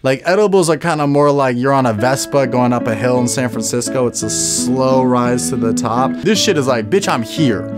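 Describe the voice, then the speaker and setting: A young male comedian telling a story with lots of swearing, jumping high in pitch for punchlines and acting out the people in it. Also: over music. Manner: rapid, profane, jumps high for punchlines and acts out people. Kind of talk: animated comic storytelling.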